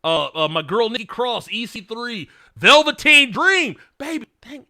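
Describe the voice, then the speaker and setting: A man hosting a livestream, chatting frankly and excitably, laughing often and swearing as he answers viewer questions. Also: very high voice, unhurried, no room sound, clean studio sound. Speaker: livestream host.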